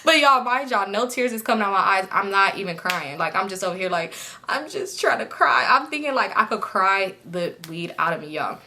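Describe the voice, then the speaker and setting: A young woman vlogger casually telling a story straight to her viewers, animated and chatty. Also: medium pitch, a little fast, few pauses, a little hiss or hum.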